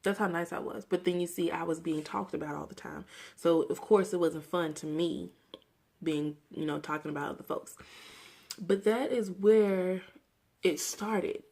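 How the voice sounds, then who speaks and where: A woman's voice: fairly low pitch, moderate pace, vocal fry, dark tone. A woman in her twenties from Mississippi, talking earnestly and reflectively to camera in a personal vlog rant. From Mississippi, USA. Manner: earnest, reflective, talks through memories candidly. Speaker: vlogger.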